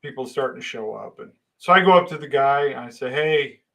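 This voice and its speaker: A man's voice: medium pitch, expressive, quick pace, vocal fry, bright, forceful tone, poor audio. A middle-aged man casually telling a long personal anecdote, rambling with restarts and acting out exchanges. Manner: rambling, with many restarts and dramatic voice shifts. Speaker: storyteller.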